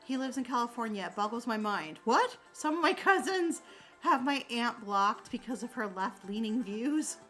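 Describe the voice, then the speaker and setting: A young woman with a slightly high voice chats casually to her viewers. She rambles through her stories and leans on lots of filler words. She stays kind and sympathetic when she answers them, while faint music plays in the background. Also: expressive, normal speed, poor audio. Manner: warm, sympathetic toward viewers. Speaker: streamer answering chat. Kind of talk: casual chat.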